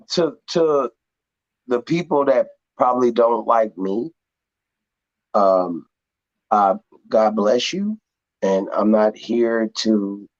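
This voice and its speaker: A man speaking as a guest on a live online panel, rambling and halting as he defends himself. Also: on the low side, no echo. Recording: dull, dry, lo-fi call audio.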